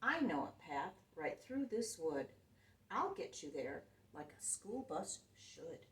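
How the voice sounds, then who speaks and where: A woman voicing a cheerful, brave little male truck in a picture book, talking in a friendly, upbeat way with high beeping honks. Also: big pitch swings, slow pace, fairly bright tone, slight background noise, heavily acted. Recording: roomy sound, mic at a distance.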